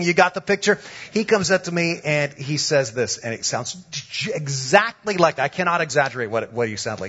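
A male pastor telling a lively, comic story during a sermon. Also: mid-range voice, moderate pace, husky, muffled recording.

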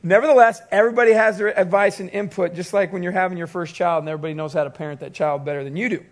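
Speaking very fast in a high-pitched voice, a pastor shares a personal story during his sermon, animating it with quoted voices.

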